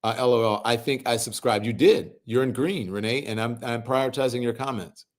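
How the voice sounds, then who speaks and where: A middle-aged man hosting a livestream, reading viewers' comments aloud and answering them in a relaxed, conversational way. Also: mid-range voice, a little fast. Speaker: host reading live chat comments. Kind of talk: casual livestream chat.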